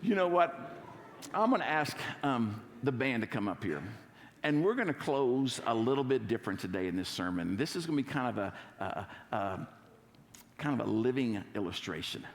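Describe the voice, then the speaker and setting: A man's voice: medium pitch, lively intonation, normal speed. A man preaching a sermon as pastor, playfully coaxing his congregation to recite a verse with him. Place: church sanctuary. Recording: gravelly voice with long church hall reverb.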